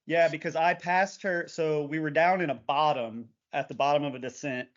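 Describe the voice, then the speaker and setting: A man co-hosting a podcast, telling a lively race story in casual chat and laughing along. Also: on the high side, normal speed. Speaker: podcast co-host. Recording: dull lo-fi podcast audio.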